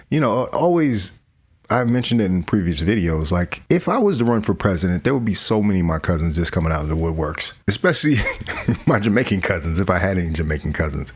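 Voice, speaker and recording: A man's voice: low-pitched, lively intonation, fairly quick, husky. A man hosting a reaction commentary, talking in a wry, casual way with laughing asides. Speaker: commentary host.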